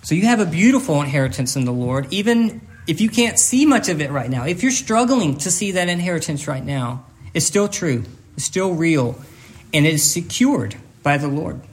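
A man preaching a sermon, earnest and emotional, often on the edge of tears, halting and repeating words as he goes. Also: on the high side, very animated, slight background noise. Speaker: pastor.

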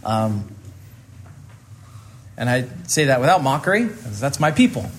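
A man's voice: medium pitch, big pitch swings, unhurried, a little hiss or hum. A man from rural Kansas preaching a sermon as pastor, earnest and repeating phrases for emphasis.

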